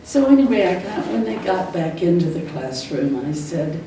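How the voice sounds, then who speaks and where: Reminiscing about her classroom days, a retired school teacher in her later years tells stories fondly and often chuckles. Her lowish, gravelly, mellow voice is sing-song, moderately paced, with few pauses. It's captured by a distant mic in an echoey room with faint noise.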